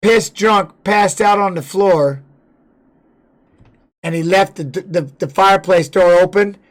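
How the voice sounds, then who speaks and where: A man's voice: high voice, slow. A man streaming live, talking loosely and swearing heavily as he comments and tells personal stories. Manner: rambling, heavy swearing; candid personal storytelling. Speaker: streamer and former fighter. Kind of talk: casual livestream chat.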